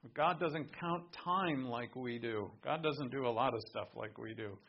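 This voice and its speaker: A man from Rhode Island preaching a sermon in a conversational way, swinging between soft asides and emphatic points. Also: medium pitch, moderate pace, muffled recording, a little hiss or hum. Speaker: pastor.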